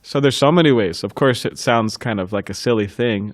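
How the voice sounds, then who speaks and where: A man giving a devotional class, recounting a memory with frequent chuckles and halting restarts. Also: mid-range voice, no echo, clean studio sound. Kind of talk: reminiscing in a scripture class.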